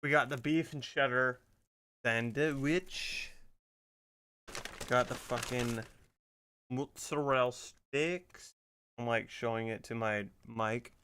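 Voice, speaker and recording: A man's voice: medium pitch, slow pace, long pauses, pushed and bright, slight background noise. A man streaming games in casual chat, laid-back, swearing often and muttering to himself as he puzzles things out.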